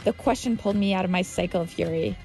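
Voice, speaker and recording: A woman's voice: on the low side, fast, darkish tone, soft background music. A woman reading a personal story aloud, with vivid, dramatic delivery.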